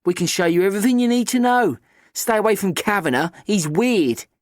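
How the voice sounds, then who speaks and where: A man's voice: high voice, expressive, fairly quick, dry recording, clean studio sound, pitched above the performer's own voice. A man voicing leering teenage schoolboys who jeer from the back of the class. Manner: leering, jeering.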